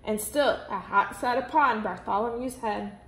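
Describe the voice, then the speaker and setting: A woman reading a children's story aloud, with expressive storytelling. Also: on the high side, moderate pace. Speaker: reader. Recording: roomy echo.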